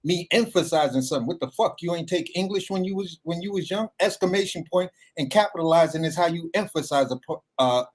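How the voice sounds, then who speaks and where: A man's voice: on the high side, brisk, few pauses. A man calling into a live stream, talking animatedly with lots of swearing and acting out arguments. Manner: animated, profane, acts out arguments. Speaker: call-in guest. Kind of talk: casual live-chat talk.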